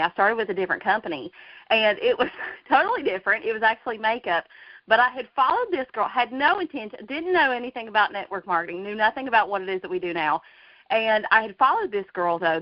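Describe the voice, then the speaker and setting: A woman's voice: mid-range voice, no room sound. Woman, 30s, earnest storyteller, dull dry call audio. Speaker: guest. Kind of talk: casual personal story.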